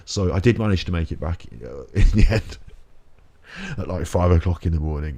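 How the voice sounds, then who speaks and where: A man's voice: deep voice, moderate pace, dark tone, breathy edge. A British man giving chatty, rambling let's play commentary, joking and laughing as he plays. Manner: jokey, chatty, laughs often. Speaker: gaming channel host.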